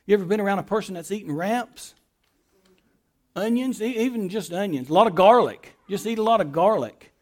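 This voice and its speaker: A man preaching a sermon as pastor, swinging between loud emphatic lines and soft quiet ones, repeating phrases and restarting words. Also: high-pitched, animated, a little fast.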